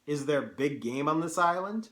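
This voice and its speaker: Plain-spoken male hunter guest, curious, animated, read by a male narrator. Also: a little high, moderate pace, echoey room.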